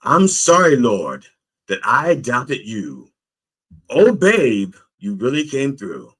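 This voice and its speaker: A frantic castaway begs the heavens for rescue, as a preacher acts him out. The voice climbs well above the preacher's own and stays husky, with wide, lively swings in pitch. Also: male voice, slow, full character voice. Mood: grateful. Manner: pleading, then singing joyfully. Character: desperate shipwrecked man pleading with God.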